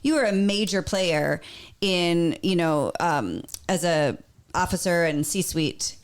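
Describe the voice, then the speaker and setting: Woman podcast host with a lowish voice. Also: lively intonation, slow pace. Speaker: podcast host, former shopping TV host. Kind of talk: casual chat.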